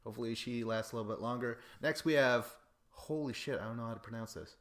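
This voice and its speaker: A man hosting a podcast, rambling casually about reality show contestants with lots of swearing and excitable asides. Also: medium pitch, quick pace. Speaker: podcast host.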